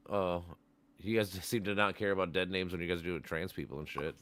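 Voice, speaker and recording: A man's voice: deep voice, fast, a bit bright, slight background noise. A man hosting a casual stream, talking bluntly with lots of swearing and laughing. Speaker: stream host. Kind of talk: casual profane chat.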